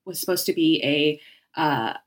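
A woman with a slightly low voice talks casually on a podcast. She tells stories and slips in deadpan jokes with a playful edge. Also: a little slow. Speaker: podcast guest. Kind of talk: casual chat.

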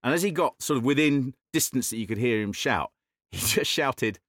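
A man in his forties, a panel guest telling a comic story with halting repetitions. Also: mid-range voice, expressive, fairly bright tone, no room sound, clean studio sound.

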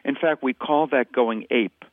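A man's voice: medium pitch, measured pace. A man who is a parenting expert, explaining in a conversational interview and acting out short repeated example phrases. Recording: dry, tinny phone-line sound.

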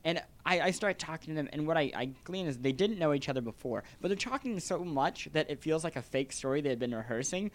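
A man's voice: on the high side, fast, few pauses. A man on a podcast, telling a story in a casual chat and acting out voices as he goes. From lives in Manhattan. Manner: animated storyteller, acts out voices in quotes. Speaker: podcast co-host.

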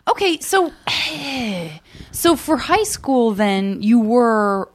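A woman's voice: on the high side, lively intonation, extremely slow, no room sound. A woman hosting a casual podcast interview, playful and joking, with rambling questions. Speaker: podcast host.

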